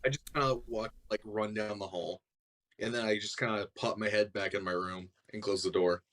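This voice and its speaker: A man's voice: lowish voice, steady tone, normal speed, fairly bright tone. A man playing in a casual tabletop game, easygoing in his replies. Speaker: player. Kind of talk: casual tabletop role-play.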